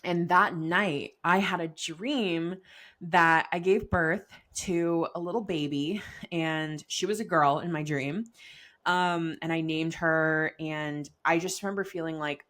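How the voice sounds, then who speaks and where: A woman's voice: deep voice, fairly even intonation, slow pace, fairly bright tone. A young pregnant woman co-hosting a podcast, chatting casually with lots of "like" and frequent laughter. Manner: chatty, laughs often, many likes. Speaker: podcast co-host.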